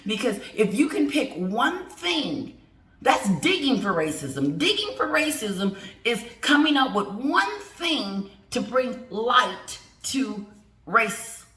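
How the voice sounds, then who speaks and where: A woman's voice: medium pitch, a bit bright. A middle-aged woman ranting with sass and emphasis in an opinion vlog, speaking straight to her viewers. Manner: sassy, emphatic, talks straight to viewers and greets them. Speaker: commentary vlogger. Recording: echoey room.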